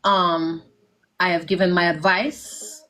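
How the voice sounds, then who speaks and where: A woman guest in an interview, giving her opinion in a measured, advice-giving way. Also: fairly low pitch, little pitch movement, a bit bright. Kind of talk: casual interview.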